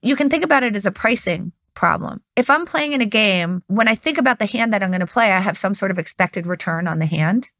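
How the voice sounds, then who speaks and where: A woman's voice: medium pitch, lively intonation, brisk, hardly any pauses, fairly bright tone, no echo, clean studio sound. A woman who is a poker expert, explaining strategy step by step in an analytical conversation.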